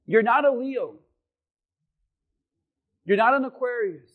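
A man preaching a sermon as pastor, building to shouted emphasis. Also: very high voice, animated, takes it slowly, phone-quality sound.

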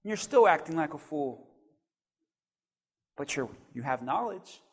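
A pastor preaching a sermon, swinging from quiet asides to loud, animated calls and acting out what people say. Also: male voice, on the high side, a little slow, husky.

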